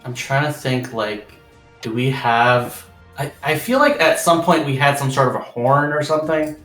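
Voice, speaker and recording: A man's voice: mid-range voice, expressive, moderate pace, fairly bright tone, faint music behind. Male tabletop player, hesitant and questioning, roomy echo. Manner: thinks aloud, hesitant, asks questions. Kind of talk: tabletop game play, casual chat.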